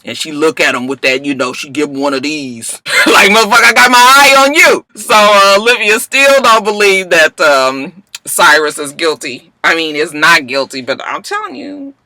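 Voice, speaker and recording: A young woman casually recapping a TV drama, animated and profane, acting out the characters' lines in slangy speech. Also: low voice, normal speed, no echo, rough recording. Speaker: recap vlogger. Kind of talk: casual TV recap with acted-out quotes.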